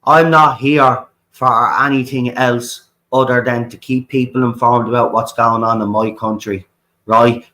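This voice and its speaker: This low-quality clip has a male livestream host from Ireland in the middle of a passionate rant. His mid-range voice sounds bright and forceful as he swears freely, repeats himself and keeps asking "right?".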